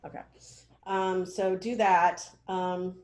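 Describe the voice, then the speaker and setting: A woman's voice: on the low side, level tone, slow pace, reverberant. A woman mentoring students in a casual meeting on a video call, rambling with many fillers and often checking that they follow. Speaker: research mentor.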